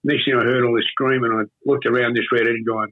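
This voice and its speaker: An older man with an Australian accent, telling a long story in an interview in a rambling, halting way with many fillers and restarts. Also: mid-range voice, little pitch movement. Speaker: interview guest. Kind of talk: casual storytelling. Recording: tinny phone-like audio.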